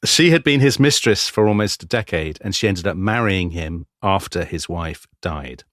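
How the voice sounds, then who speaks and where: A man co-hosting a history podcast, explaining in a measured, dry way. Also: deep voice, lively intonation, fairly bright tone, no echo. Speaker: podcast co-host.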